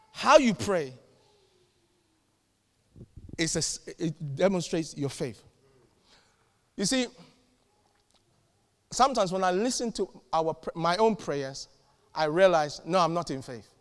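A man pastor preaching a sermon in a church, fervent, with sudden loud peaks and quiet asides. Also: a little high, animated, measured pace, long pauses, big-room sound.

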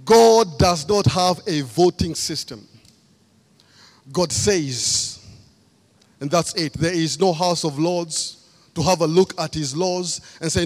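A man's voice: on the high side, slow pace. A man from Kenya preaching a sermon, stressing key phrases by repeating them. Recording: long hall reverb.

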